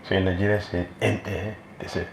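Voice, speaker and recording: A man preaching a scripture class in a temple hall, his lowish voice grainy with fry. He talks emphatically and circles back to repeat his main phrases. The room rings around him. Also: little pitch movement, fairly quick, slight background noise. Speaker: spiritual teacher giving a scripture class. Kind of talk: sermon. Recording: roomy hall echo.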